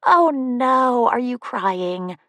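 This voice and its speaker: A woman voicing a fond, gently teasing female friend in an audiobook. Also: on the high side, animated, drawn-out words, no echo, pitched above the performer's own voice, heavily acted. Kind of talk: audiobook dialogue.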